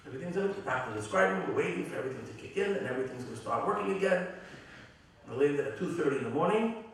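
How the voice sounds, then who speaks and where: A middle-aged man, a rabbi, giving a heartfelt, halting eulogy with many restarts. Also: on the high side, lively intonation. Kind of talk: eulogy at a memorial gathering. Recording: very echoey hall from far off.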